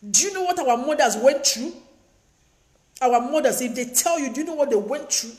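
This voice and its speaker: A woman's voice: sits high, lively intonation, normal speed, a little mellow. A woman giving emphatic, preachy advice in a lecturing monologue, repeating her points. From Africa. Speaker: advice vlogger. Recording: echoey room.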